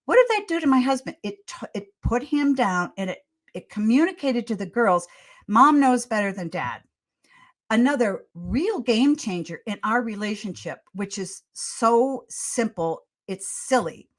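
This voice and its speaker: A woman's voice: on the high side, lively intonation, unhurried. An older woman, a pediatrician guest on a podcast, giving parenting advice in an earnest, storytelling way with frequent restarts. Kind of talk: conversational advice in a podcast interview.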